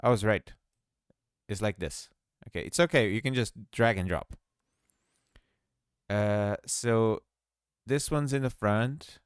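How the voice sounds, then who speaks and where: A self-deprecating host walks through game creation on a casual screen recording, thinking out loud and laughing at himself. His smooth voice leans low, and he speaks slowly with frequent pauses. It's a dry, studio-quality recording.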